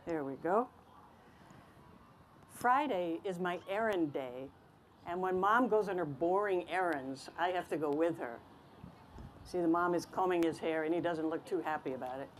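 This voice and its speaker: A woman reading a picture book aloud to children, telling the story in an expressive, animated way. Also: on the low side, normal speed, pauses often, a little hiss or hum.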